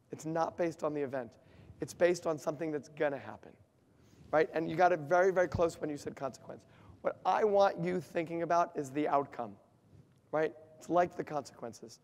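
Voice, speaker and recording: A man leads a workshop in a large hall, his voice carrying a long reverb. He quizzes the crowd and drives his points home with emphasis, sitting a little higher than most men. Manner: asks the audience questions, lively and emphatic. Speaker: workshop speaker. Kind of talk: interactive talk to an audience.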